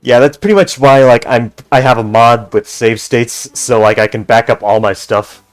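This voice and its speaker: A man chatting on a gaming livestream, rambling along with plenty of restarts. His voice sits at a middling pitch. Faint game music plays in the background. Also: normal speed. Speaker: gaming streamer. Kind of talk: casual livestream chat reading.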